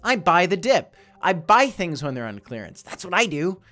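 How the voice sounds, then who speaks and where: A man's voice: sits high, normal speed, faint music behind. A man hosting a casual crypto market livestream, talking energetically and hammering his points with repetition. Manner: energetic, emphatic, repeats points.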